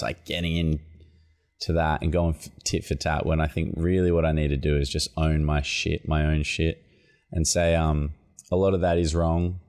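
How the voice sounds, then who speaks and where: Deep-voiced man rambling on a podcast. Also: darkish tone. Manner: rambling, self-deprecating, chatty. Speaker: podcast host. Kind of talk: casual solo podcast monologue.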